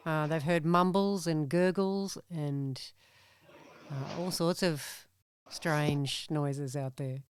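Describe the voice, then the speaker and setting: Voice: medium pitch, steady tone, takes it slowly, smooth, no echo. A podcast host doing a casual interview, asking short questions and laughing often.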